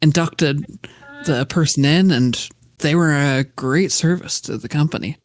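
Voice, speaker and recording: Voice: medium pitch, unhurried, lightly acted. A player voicing a boastful old adventurer who reminisces in a self-important way during a tabletop game. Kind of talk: tabletop role-play.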